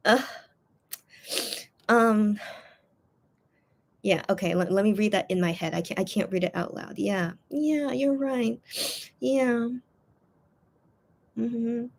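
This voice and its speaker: A woman's voice: medium pitch, gravelly. A woman chatting on a casual livestream, rambling with many fillers and confiding her feelings to her viewers. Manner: rambling, heavy with fillers like "you know" and "like"; emotional and confiding, quick to apologise. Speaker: livestream host reading chat.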